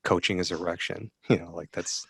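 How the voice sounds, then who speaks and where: Low-voiced man telling a rambling story. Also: moderate pace, a bit bright, dry recording. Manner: rambling storyteller, many fillers. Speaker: guest. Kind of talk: casual podcast chat.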